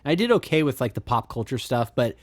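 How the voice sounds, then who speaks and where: A man's voice: medium pitch, sing-song, fast, no room sound. A man co-hosting a podcast in casual chat, rambling with fillers and restarts. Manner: rambling, frequent fillers and restarts, laughs often. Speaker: podcast co-host.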